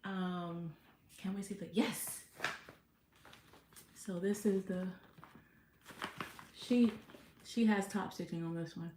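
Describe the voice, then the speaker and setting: A woman's voice: fairly low pitch, steady tone, slow, pauses often, warm tone. A woman hosting a casual sewing livestream, chatting to herself and reading viewer comments aloud as she works. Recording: echoey room with faint noise.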